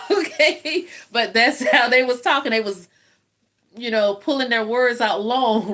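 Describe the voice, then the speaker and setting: A woman's voice: mid-range voice, measured pace, pushed and bright. An older woman with a Southern US accent, chatting and telling stories to live viewers while she eats, laughing often. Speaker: host of a live eating stream. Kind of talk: casual chat with live viewers.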